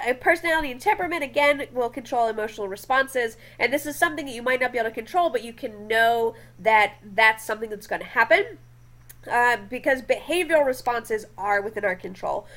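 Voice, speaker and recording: High-voiced woman lecturing casually. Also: fairly bright tone. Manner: chatty, often checks in with "okay?". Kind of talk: classroom lecture with slides.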